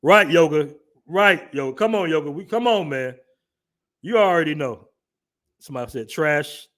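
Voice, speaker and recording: A man's voice: on the high side, lively intonation, moderate pace, a bit bright. A man hosting a casual livestream, reading chat comments aloud and laughing through his commentary. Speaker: livestream host.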